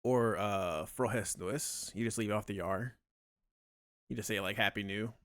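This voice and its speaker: A man's voice: fairly low pitch, unhurried, fairly bright tone, no room sound, studio quality. A man chatting casually on a live stream while he plays, thinking aloud and rambling with plenty of fillers.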